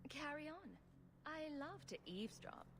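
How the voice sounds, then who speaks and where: A woman's voice: high-pitched, sing-song, moderate pace. An actress playing a bold, sarcastic woman hero in a fantasy video game, speaking drily. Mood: wry. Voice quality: dry, sarcastic. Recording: game audio with clear background noise.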